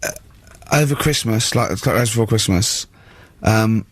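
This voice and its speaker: A man's voice: lowish voice, moderate pace, no echo. A man co-hosting a radio show, telling wry anecdotes in casual banter. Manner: wry anecdotes, quoting people in voices. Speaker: radio co-host.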